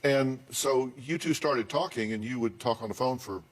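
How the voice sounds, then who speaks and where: A man's voice: medium pitch, normal speed. A talk show host, a man, asking a guest probing questions in a folksy way in a TV studio.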